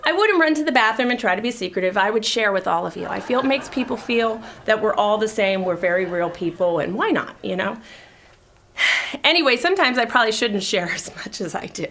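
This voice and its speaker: A woman's voice: medium pitch, lively intonation, brisk, a bit bright, a little hiss or hum. A woman in her thirties hosting a talk show, telling a confessional story to a studio audience in a chatty way. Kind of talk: comedic monologue to a studio audience.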